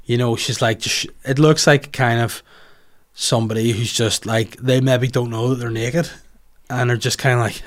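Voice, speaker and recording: A man hosting a podcast in casual chat, rambling and animated, swearing freely and going off on tangents. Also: mid-range voice, moderate pace. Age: adult, has children. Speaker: podcast host.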